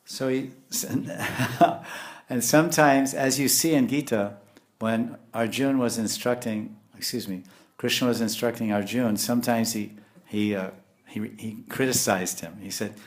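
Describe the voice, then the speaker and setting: A man preaching a spiritual sermon in a lively, animated way, chuckling now and then as he explains. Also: mid-range voice, a little slow. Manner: animated, lapses into scolding voices when quoting; frequent chuckles and restarts. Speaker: spiritual teacher.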